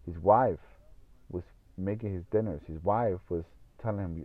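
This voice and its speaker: Man, casual storytelling, repetitive and profane, very low voice, dry, phone-quality sound. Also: normal speed, dry recording. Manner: rambling, repeats himself, swears often. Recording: tinny phone-like audio.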